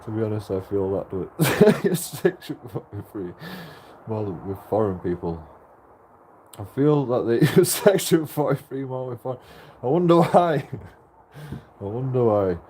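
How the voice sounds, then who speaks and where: A man's voice: on the low side, big pitch swings, a little slow, mellow, slight background noise. Laughing, swearing Irish man. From Ireland. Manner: laughs often through his stories, swears freely. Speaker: streamer. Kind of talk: casual livestream chat.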